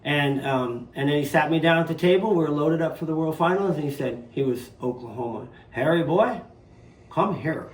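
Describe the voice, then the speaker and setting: A man in his fifties with a Southern US accent, a retired jet ski racer from southern Louisiana who was raised in Nevada, speaks in a slightly high voice, fairly quickly and with hardly any pauses. As a guest in a casual storytelling interview in his living room, he animates his tales by acting out quoted voices. Faint ambience echoes the roomy room.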